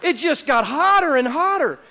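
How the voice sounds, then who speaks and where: High-pitched, lively preaching man. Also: moderate pace, a little hiss or hum. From Orlando, Florida. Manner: animated storytelling with shouts to the congregation. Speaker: pastor. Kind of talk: sermon. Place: church sanctuary.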